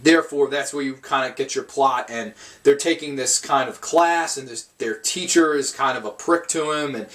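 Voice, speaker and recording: A man's voice: mid-range voice, moderate pace, hardly any pauses, a bit bright. A man giving a casual, rambling film review, swearing often and restarting his sentences. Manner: rambling, profane, frequent restarts.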